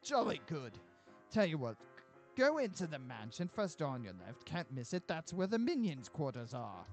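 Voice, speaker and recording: A man's voice: on the high side, very animated, moderate pace, soft background music. A man voicing a vain, pompous male villain with theatrical, posh-sounding outbursts.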